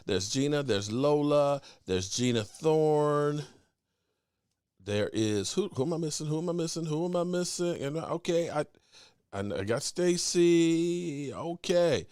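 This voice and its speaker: Animated, rambling man hosting a sports stream. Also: a little high, measured pace, smooth, no echo, studio quality. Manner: animated, rambling, stammers and restarts; greets chat viewers by name. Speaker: sports talk show host. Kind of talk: casual live-stream chat.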